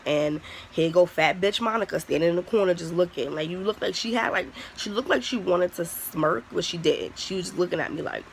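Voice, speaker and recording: A young adult vlogger talks straight to camera in a loose storytime style, blunt and full of swearing. The voice has a gravelly, creaky edge and sits in a middle pitch. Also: a little fast, slight background noise, rough recording. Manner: candid, profane, heavy use of "like". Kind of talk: casual storytime vlog.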